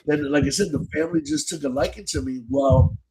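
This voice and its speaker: A man's voice: a little high, steady tone, brisk, a little mellow, slight background noise, rough recording. A man hosting a podcast and telling a long, casual story in slangy, profane speech, with many restarts. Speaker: podcast host.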